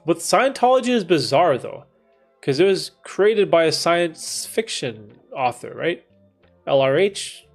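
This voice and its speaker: A man's voice: fairly high pitch, very animated, measured pace, faint music behind. Casual swearing man chatting on stream. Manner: casual, swears, says dude and bro. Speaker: livestream host answering chat. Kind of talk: casual livestream chat.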